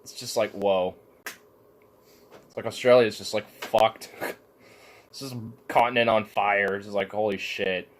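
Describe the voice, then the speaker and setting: A man's voice: on the low side, fairly even intonation, measured pace, pauses often, a little hiss or hum. A man in a casual rant, rambling and cursing, packing his talk with "like". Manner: profane, rambling, heavy use of filler "like".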